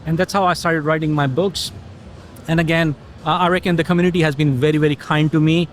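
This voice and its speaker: A middle-aged man as an interview guest, explaining things in a relaxed conversational way and telling stories with quoted dialogue. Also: on the high side, fast talker, a little hiss or hum. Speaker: interview guest, technology consultant.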